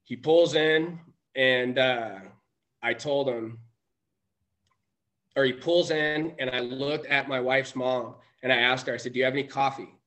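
A man's voice: medium pitch, fairly even intonation, unhurried, fairly bright tone. A man telling a personal story as a podcast guest, rambling with many restarts and self-corrections. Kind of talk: casual storytelling.

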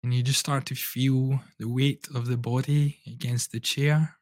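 A man, a breathwork coach, guiding listeners through a breathing exercise with calm, slow, soothing instructions. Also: medium pitch, no echo.

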